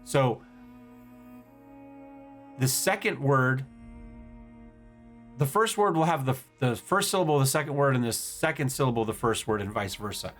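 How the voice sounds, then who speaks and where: A man's voice: mid-range voice, expressive, normal speed, pauses often, a bit bright, faint music behind. A man hosting a casual let's-play, thinking aloud as he plays and often stumbling over words. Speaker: gaming channel host.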